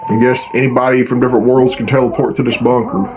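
A man's voice: medium pitch, flat delivery, fast talker, noisy background. A man hosting a reaction video, talking in a crude, profane and rambling way. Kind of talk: casual reaction commentary.

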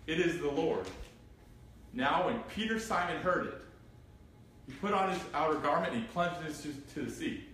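A man leads a Bible study in an animated, rising voice, reading scripture aloud and firing questions at his listeners. He sounds like he is standing well back from the mic in a very echoey room. Faint noise sits under his voice. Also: on the high side, moderate pace, distant mic. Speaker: pastor. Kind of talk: interactive Bible study sermon. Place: church room.

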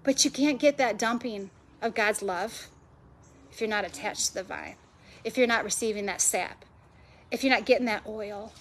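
This woman has a mid-range, fairly bright voice and keeps a moderate pace. She is a women's ministry speaker delivering an emphatic, passionate sermon before a live crowd at an event venue, piling up repeated phrases.

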